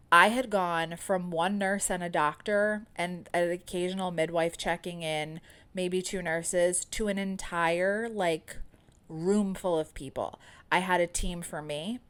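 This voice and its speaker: Candid podcast host, woman, 30s, slightly low voice, chatty storytelling delivery. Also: slow pace, a bit bright. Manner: chatty and candid, many "like" and "um" fillers.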